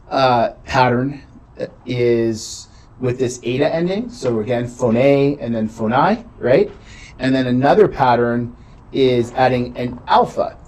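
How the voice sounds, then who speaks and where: A man's voice: mid-range voice, a little mellow, rough recording. A man teaching a beginning Greek class, explaining patiently and checking in with "right?" often. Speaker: Greek instructor. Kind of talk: classroom lecture.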